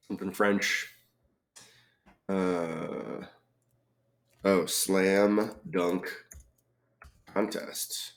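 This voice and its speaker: A man solving a crossword puzzle aloud, reading clues and thinking out loud with frequent ums and muttered asides. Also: low voice, little pitch movement, drawn-out words, pauses often. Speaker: crossword reviewer.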